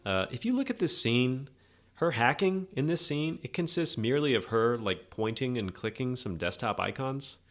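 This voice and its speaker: A man's voice: medium pitch, lively intonation, moderate pace. A man hosting a podcast, giving a rambling, sarcastic, opinionated movie review in a casual monologue. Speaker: podcast host.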